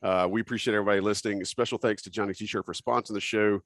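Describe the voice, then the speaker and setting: Low-pitched dude hosting a sports podcast, jokey and loose, dry close mic. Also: male voice, fairly even intonation, racing, dry recording. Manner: joking, loose, reads out listener names. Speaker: podcast host. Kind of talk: casual sports podcast chat.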